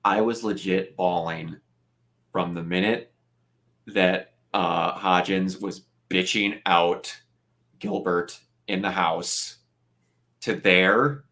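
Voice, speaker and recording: Bright-voiced excitable male film reviewer. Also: deep voice, slow. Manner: excitable, emotional, swears freely. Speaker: host. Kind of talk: casual film review chat.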